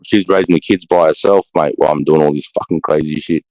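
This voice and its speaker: A middle-aged Australian man with a very deep voice, talking casually and swearing freely. He calls everyone mate. The sound is dry and dull, like lo-fi stream audio. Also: fairly even intonation, fast talker, a little mellow, no echo. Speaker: livestream host. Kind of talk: casual chat.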